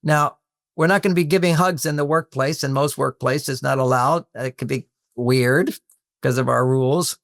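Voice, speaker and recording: A man's voice: medium pitch, vocal fry, dry recording, studio quality. An older man, a relationship author, explaining workplace advice in a conversational way and acting out little bits of dialogue. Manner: explanatory, acts out example dialogue in quick little voices.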